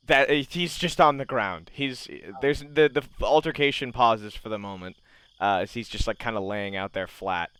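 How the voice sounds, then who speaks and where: A man's voice: mid-range voice, steady tone, normal speed, a bit bright, clean tone, dry recording. A man narrating casually as game master, with many fillers.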